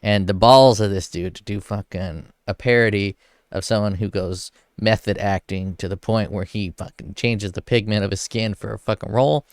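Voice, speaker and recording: A man's voice: lowish voice, no echo, studio quality. A young man ranking comedies in a casual, profane rant, blunt and crude. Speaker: video host ranking films.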